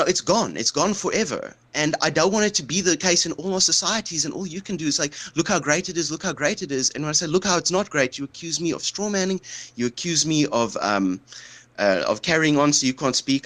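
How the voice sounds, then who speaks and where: Agitated man debating, bright voice. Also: on the high side, brisk. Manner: impassioned, rambling, heavy with fillers. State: emotional. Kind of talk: heated debate.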